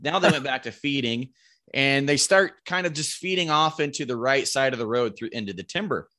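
A man telling a hunting story in casual chat, animated and swearing freely. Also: mid-range voice, fairly quick.

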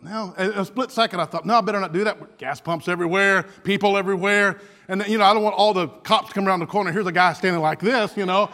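Bright high-voiced pastor. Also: male voice. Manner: humorous storytelling with frequent restarts. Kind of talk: sermon. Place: church sanctuary. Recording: church hall reverb.

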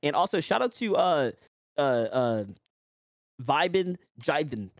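A man's voice: on the high side, takes it slowly, no echo. New York man on a dry mic. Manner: animated storytelling with acted-out quotes and many fillers. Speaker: commentator and podcast host. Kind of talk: casual podcast chat.

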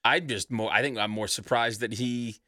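Man, bright forceful voice, blunt opinions, casual podcast, dry sound. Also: medium pitch, fairly even intonation, normal speed, no room sound. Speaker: podcast co-host. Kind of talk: casual chat.

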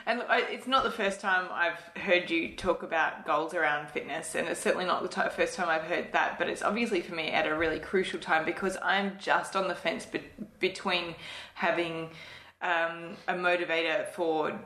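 A woman's voice: on the low side, steady tone, moderate pace, pushed and bright. A woman chiropractor hosting a casual podcast chat, thoughtful and rambling, often laughing. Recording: roomy echo.

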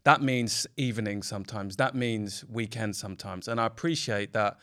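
British man, podcast co-host, casual chat, lowish pitch, smooth resonant voice, thoughtful. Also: fairly even intonation, normal speed, sharp tone. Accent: British English. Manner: thoughtful, hesitant when explaining. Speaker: founder and CEO, podcast co-host.

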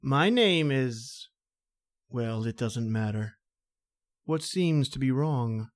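An actor playing a suave, mysterious male villain in a radio drama, smooth and measured. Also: medium pitch, lively intonation. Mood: suave menace. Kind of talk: 1930s radio drama acting.

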